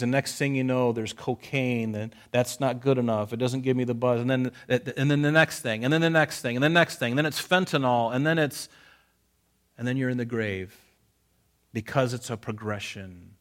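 A man's voice: mid-range voice, fairly even intonation, normal speed, smooth. A man preaching a conversational Bible-study sermon, folksy, repeating phrases for emphasis and telling listeners to underline verses. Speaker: pastor.

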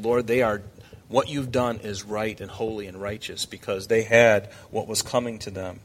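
Male pastor, middle pitch, preaching to the congregation in a chatty way with animated scripture quotes. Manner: animated, shifts pitch when quoting scripture figures; conversational asides to the congregation. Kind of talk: expository sermon.

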